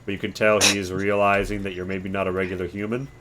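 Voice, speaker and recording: A man running a tabletop game as game master, narrating in a relaxed, rambling way with many fillers. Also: low voice, quick pace, very noisy.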